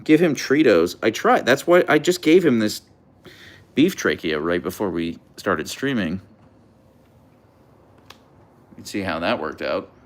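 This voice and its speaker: A man hosting a casual livestream, playfully talking to his husky and reading chat, his pitch jumping up when he baby-talks the dog. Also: animated, normal speed. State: sleep-deprived. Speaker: livestream host with pet huskies.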